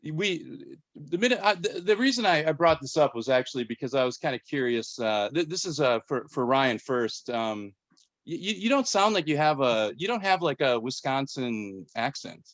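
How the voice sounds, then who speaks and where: A man's voice: mid-range voice, sing-song, normal speed, fairly bright tone, no room sound. A man in his forties from Minnesota, hosting a casual podcast chat and rambling with many restarts. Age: 40s. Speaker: podcast host.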